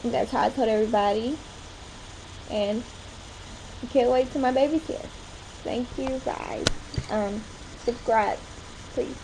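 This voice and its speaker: A woman's voice: a little high, fairly even intonation, a little slow, long pauses, background noise. A young woman chatting casually in a home vlog, rambling along with short laughs. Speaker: vlogger. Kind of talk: casual chat.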